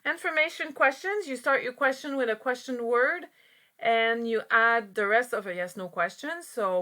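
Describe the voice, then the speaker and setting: A woman's voice: on the high side, normal speed, pushed and bright. A woman teaching an English grammar lesson, patiently explaining step by step with frequent fillers.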